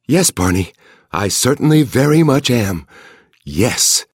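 A man's voice: medium pitch, big pitch swings, takes it slowly, breathy edge, no room sound, studio quality, voice pushed up, full character voice. A man voicing a breathless, tender young woman.

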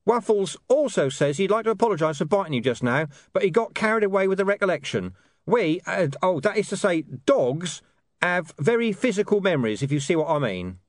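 Male reader doing a rambling street interpreter, pitched way up, dry close sound. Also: very animated, fairly quick, dry recording. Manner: rambling, hunting for words. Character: gravelly street man interpreting for a dog.

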